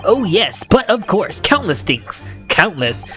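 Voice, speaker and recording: A woman voicing a pompous, smug male detective from a game in a put-on British accent, reading dialogue slowly. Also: medium pitch, sing-song, pushed and bright, soft background music, exaggerated voice. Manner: slow, self-satisfied pronouncements.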